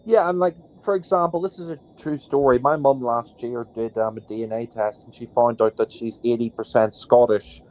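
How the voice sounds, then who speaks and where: A man's voice: mid-range voice, steady tone, moderate pace, few pauses, highs cut off. A man co-hosting a podcast, ranting indignantly with lots of fillers. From Northern Ireland. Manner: indignant, rambling with many fillers. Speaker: podcast co-host. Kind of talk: casual podcast rant.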